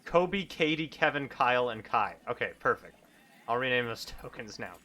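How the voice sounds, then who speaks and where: A man's voice: mid-range voice, lively intonation, normal speed, bright, forceful tone. A man narrating a solo tabletop game on stream, thinking aloud and chatting in a self-amused way. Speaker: solo game master and player.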